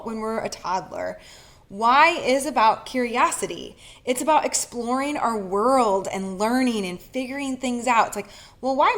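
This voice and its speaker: A woman giving an earnest, casual coaching talk to camera, speaking in an animated way that breaks into quick laughs now and then. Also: fairly high pitch. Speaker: speaker and leadership facilitator.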